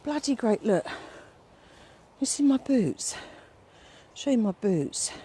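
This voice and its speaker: A woman's voice: fairly high pitch, very animated, takes it slowly, warm tone, a little hiss or hum. A middle-aged woman, a fitness instructor rambling in a casual vlog outdoors, out of breath while walking up a steep hill with her phone. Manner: chatty, rambling, fond with her dog.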